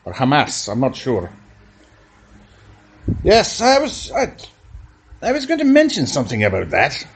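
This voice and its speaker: Rambling deadpan comic. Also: male voice, medium pitch, measured pace, long pauses, husky. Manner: deadpan, rambling, self-correcting puns. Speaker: comedy podcast host. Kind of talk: rambling absurd comedy monologue.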